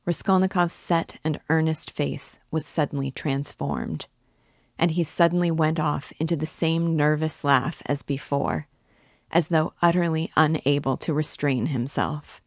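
A woman reads a classic novel aloud with a low, unhurried voice. Her narration is measured and even, recorded close and dry with no room sound. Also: no echo. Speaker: reader and guide.

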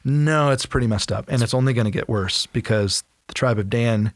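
A man hosting a casual podcast, retelling a Bible story in an animated way and acting out its characters in quick casual voices. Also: mid-range voice, dry recording, clean studio sound.

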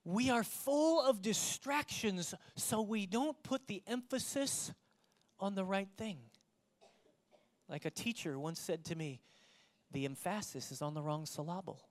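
A pastor delivers a sermon to a live congregation at medium pitch and a slightly slow pace. His preaching moves from loud, emphatic moments to quiet ones, and he asks the crowd direct questions.

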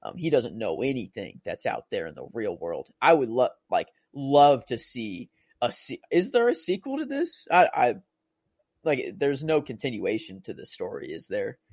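Man, casual movie chat, rambling, emotional, animated pitch. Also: moderate pace, breathy edge, no echo. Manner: rambling, full of "like" fillers and restarts; emotional, gushing about the film.

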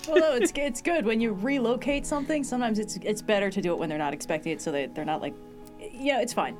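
A woman playing in a tabletop game, chatting with quick jokes. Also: a little high, expressive, a little mellow, soft background music. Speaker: player.

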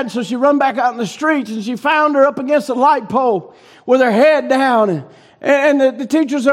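A man preaching a sermon, shouting in rising bursts and then dropping low and soft. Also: a little fast.

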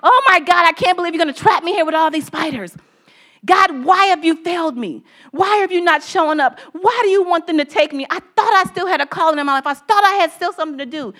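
Lady preacher acting out a scared man hiding in a cave, begging god over and over, fast and high. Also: bright, forceful tone. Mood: panicked. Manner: frantic, pleading prayer.

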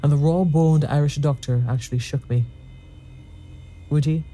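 Storyteller: man, very dark warm tone, tense first-person ghost story reading. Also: fairly high pitch, fairly even intonation, fairly quick.

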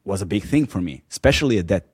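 A man interviewing a guest in a casual sit-down chat, talking in a rambling, halting, earnest way. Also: low-pitched, animated, darkish tone, husky, no echo, clean studio sound.

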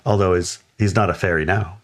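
A man co-hosting a podcast, telling a story in a relaxed, chatty way and acting out the voices of people he quotes. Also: brisk. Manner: animated, acts out quoted voices with playful high pitch. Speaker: podcast co-host. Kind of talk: casual storytelling chat.

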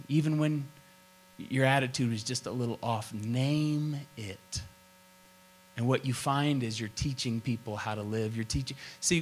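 Male pastor, middle-aged, from oklahoma, emphatic repeating sermon cadence, mid-pitched voice. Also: rough recording. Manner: emphatic, repetitive preaching cadence.

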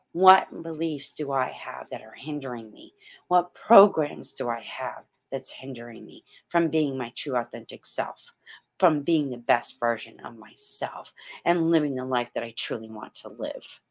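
A middle-aged woman hosts a motivational vlog in a fairly low voice. She speaks slowly and emphatically, repeating her points like a preacher giving a pep talk. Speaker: motivational host.

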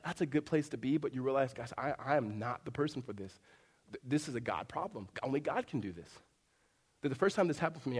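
A male pastor preaching a sermon, swinging from loud emphatic peaks to hushed low lines and telling stories with acted-out dialogue. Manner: conversational storytelling with acted-out dialogue.

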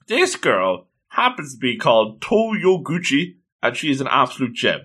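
A man casually recapping a story, retelling scenes with lively quoted asides. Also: medium pitch, moderate pace, few pauses. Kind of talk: casual recap of an anime episode.

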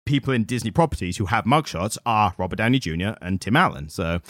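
A man's voice: fairly low pitch, animated, quick pace, a bit bright, no room sound, studio quality. A man co-hosting a podcast, chatting casually about comics and explaining at length with lots of fillers. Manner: rambling, explains at length with many "like"s. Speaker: podcast co-host.

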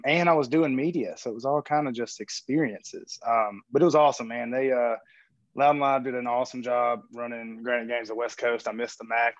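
A man's voice: mid-range voice, fairly bright tone, no echo. A man talking as a coach and guest on a remote call from a gym, rambling and joking with lots of fillers. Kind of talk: casual interview chat. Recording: dull dry remote call audio.

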